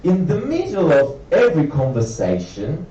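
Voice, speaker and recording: A man's voice: moderate pace, a little hiss or hum. A young man from Italy with an Italian accent doing a stand-up comedy set, acting out characters with big jumps in his voice. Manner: animated, acts out characters with big pitch jumps. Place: comedy club stage with audience. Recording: roomy, dull live club sound from a distance.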